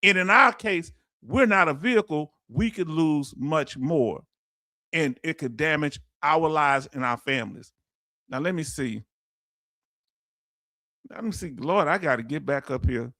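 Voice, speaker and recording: A middle-aged man with a Houston accent chats through his live stream, reading out viewers' comments. His voice sits high and bright, and the sound is close and dry. He talks in a folksy, animated way, laughs easily, and calls his audience family. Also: unhurried, pauses often, dry recording. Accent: Houston, Texas. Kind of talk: casual live-stream chat.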